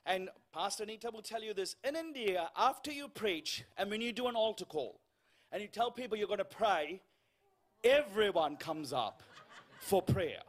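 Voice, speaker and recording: A man with a high voice preaches in a church, spinning a comic story. He acts out the lines of the people he meets, and the quoted voices drop to a hush. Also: animated, moderate pace. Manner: storytelling with humour, acting out dialogue, dropping to a hush for quoted lines. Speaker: guest preacher. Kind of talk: sermon.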